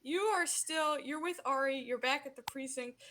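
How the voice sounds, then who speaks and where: High-voiced woman running a tabletop game. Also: moderate pace, a little hiss or hum. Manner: animated narration, acting out characters. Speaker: game master. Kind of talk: narrating a tabletop role-play game.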